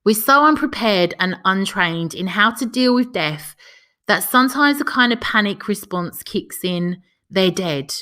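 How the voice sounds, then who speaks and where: A woman hosting a podcast, reading a passage aloud and chatting softly, emotional and close to tears. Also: mid-range voice, animated, unhurried. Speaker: podcast host.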